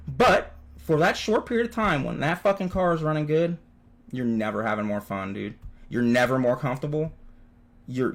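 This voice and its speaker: Young male vlogger, mid-pitch, swears constantly, animated swings in delivery, casual storyteller.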